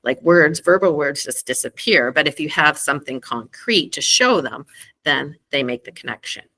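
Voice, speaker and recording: A woman with a bright, forceful voice pitched a little low gives an informal talk to parents. She chats loosely, with plenty of fillers. She stretches out simple example phrases slowly and with emphasis, as if speaking to a toddler. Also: expressive. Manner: casual and chatty, full of fillers like "um" and "kind of"; acts out slow, emphatic child-directed examples. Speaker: school speech-language educator. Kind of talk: informal teaching presentation for parents.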